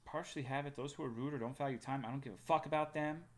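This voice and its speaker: A man's voice: mid-range voice, fast talker. A young man from Texas, a livestreamer chatting casually with his viewers in a loose, profane and joking way.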